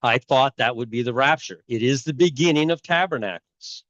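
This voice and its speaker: A man's voice: medium pitch, normal speed, fairly bright tone, no echo, highs cut off. A middle-aged man talking casually and rambling, with many fillers and restarts, as a channel host. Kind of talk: casual talk on bible timelines.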